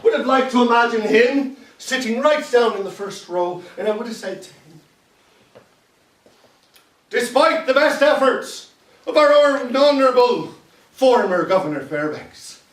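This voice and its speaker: A man's voice: very high voice, animated, measured pace, a bit bright, heavily acted. A man playing a bitter, tipsy captain. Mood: sardonic. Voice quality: sardonic, rambling, drunk. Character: bitter Irish immigrant Civil War captain, drinking alone. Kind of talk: solo stage monologue. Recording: roomy echo from far off.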